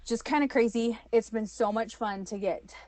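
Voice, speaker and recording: A woman, telling her own story as an interview guest, animated and full of fillers. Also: fairly high pitch, moderate pace, no echo. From United States. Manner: animated, acts out quoted voices, many fillers.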